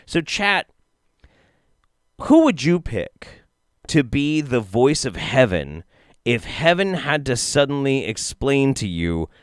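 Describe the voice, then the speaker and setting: A man's voice: medium pitch, sing-song, slow, smooth, no echo, clean studio sound. A man doing casual, profane, sarcastic live-stream commentary while reacting to a video.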